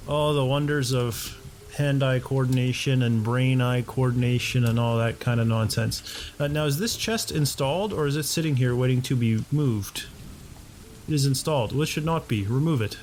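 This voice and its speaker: A man's voice: medium pitch, moderate pace, darkish tone. A man from North America giving casual gameplay commentary, thinking aloud and correcting himself as he goes. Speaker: let's play host.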